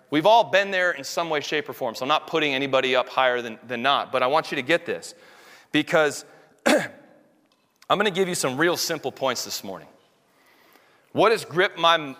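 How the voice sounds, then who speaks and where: A man preaching a sermon in a small church room, intense and animated, acting out quotes as he goes. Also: a little high. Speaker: pastor. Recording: long hall reverb.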